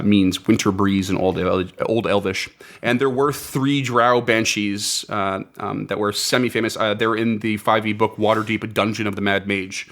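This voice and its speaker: A man with a lowish, slightly bright voice hosts a casual podcast. He reads folklore notes aloud with enthusiasm and laughs often.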